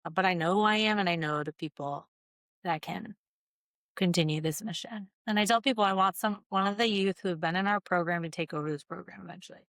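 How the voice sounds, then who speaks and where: A woman's voice: lowish voice, fairly quick, no echo, studio quality. A woman interviewed as a guest, an earnest storyteller who acts out what others said. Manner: earnest, animated storyteller acting out quotes. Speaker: guest, nonprofit founder. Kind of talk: casual interview conversation.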